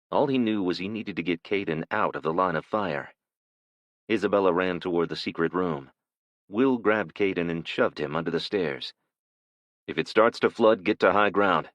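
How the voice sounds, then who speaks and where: Man, audiobook narrator, very low voice, dry close sound, measured and steady. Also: dry recording.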